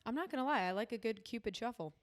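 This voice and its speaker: A woman's voice: on the high side, fast. A woman co-hosting a casual podcast, talking emphatically and getting worked up about her stories. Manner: excitable and emphatic, gets worked up. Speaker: podcast co-host. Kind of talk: casual chat.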